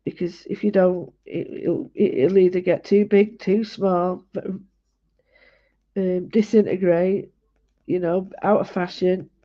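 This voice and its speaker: Her voice is on the low side and fairly even in intonation, and she takes it slowly. She's an artist streaming a live drawing session, chatting homily and rambling as she explains her work to viewers, all captured in dull lo-fi livestream audio.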